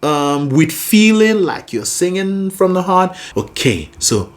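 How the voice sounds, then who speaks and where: Singing coach, animated and encouraging, slow unhurried delivery, voice rising and falling a lot. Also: mid-range voice. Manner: animated, encouraging, sings example phrases. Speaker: singing teacher. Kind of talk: vocal lesson with sung demonstrations.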